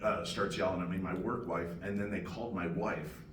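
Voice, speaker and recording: An older man telling an animated story on a convention panel and acting out other people's lines, heard from far off in a noisy room. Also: low voice, brisk. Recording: echoey hall from far off, noisy.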